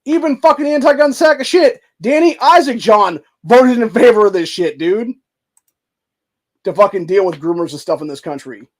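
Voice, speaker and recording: A young man with a high-pitched voice rants heatedly about politics. His talk is profane and loose, full of dude and bro. He sounds like a casual online host. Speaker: commentary host. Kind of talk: angry political rant.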